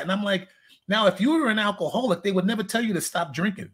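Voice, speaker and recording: A man's voice: sits high, fast talker, fairly bright tone, breathy edge. A man, a fitness coach, chatting casually in an interview, telling candid rambling stories and laughing at his own jokes.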